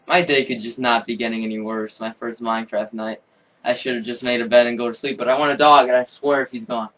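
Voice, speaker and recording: Excitable young man yelling at a game. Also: medium pitch, quick pace, distant mic, a little hiss or hum. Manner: excitable, swearing, yelling outbursts. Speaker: gamer. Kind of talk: game commentary.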